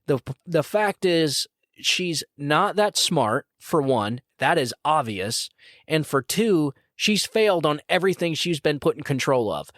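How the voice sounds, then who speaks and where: A man's voice: on the high side, very animated, unhurried, a bit bright, dry recording, clean studio sound. Blunt, indignant male podcast host. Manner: blunt, indignant, repeats "come on, man". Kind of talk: opinionated political commentary.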